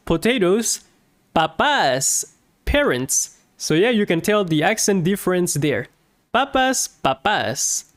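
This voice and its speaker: A woman's voice: mid-range voice, no echo, studio quality. A woman teaching words in a lesson, repeating each word with chatty asides. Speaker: Spanish teacher. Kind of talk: slow language lesson.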